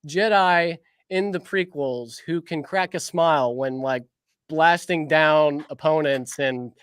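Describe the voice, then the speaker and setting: A man's voice: on the high side, slow, a bit bright, smooth, dry recording, clean studio sound. A man who creates fan films, arguing his views playfully in casual chat and stammering restarts.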